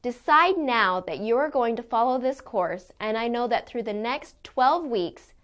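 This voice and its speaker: Clear-speaking woman pronunciation teacher. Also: fairly high pitch, expressive, fairly bright tone. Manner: clear, deliberate modeling of sounds. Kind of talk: scripted lesson.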